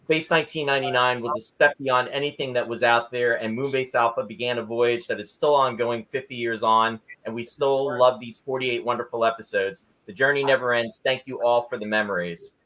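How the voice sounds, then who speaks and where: Bright-voiced man hosting a live stream. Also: medium pitch, steady tone, a little fast, few pauses, rough recording. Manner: friendly, reads viewer comments. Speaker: host. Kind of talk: live-streamed chat show.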